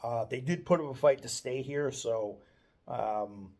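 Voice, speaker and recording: Mellow-voiced man rambling casually. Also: mid-range voice, unhurried. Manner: meandering, hesitant, often restarts sentences. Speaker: daily video blogger. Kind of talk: casual off-the-cuff monologue.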